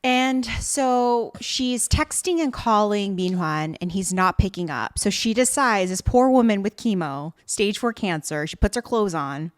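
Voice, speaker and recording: A woman's voice: mid-range voice, animated, unhurried, few pauses. A woman co-hosting a podcast, telling a drama's plot in a chatty way and laughing easily. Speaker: podcast co-host. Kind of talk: casual chat recapping a drama.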